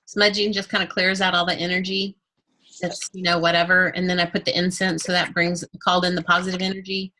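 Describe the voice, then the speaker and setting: A woman's voice: lowish voice, flat delivery, a little fast, bright, forceful tone, poor audio. A woman from Texas leading a group art workshop and guided meditation, encouraging and upbeat. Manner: upbeat, encouraging, often laughing. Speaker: art class instructor. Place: indoor class room with a group.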